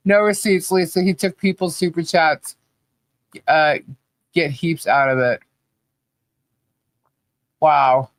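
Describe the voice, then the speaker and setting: A man's voice: a little high, extremely slow, pauses often, no room sound. A man co-hosting a casual livestream podcast, laughing often and reading the chat aloud with playful chanting. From not from Australia. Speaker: podcast co-host.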